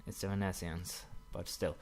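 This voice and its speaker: A young man commenting casually while playing a strategy game, rambling with many fillers and quick apologetic asides. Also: low voice, little pitch movement, a little hiss or hum. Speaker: gaming commentator. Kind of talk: casual let's-play commentary.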